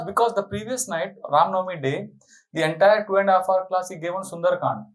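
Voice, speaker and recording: A middle-aged man, a monk telling an animated, laughing anecdote as a spiritual talk. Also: high-pitched, fairly quick, poor audio. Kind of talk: storytelling sermon.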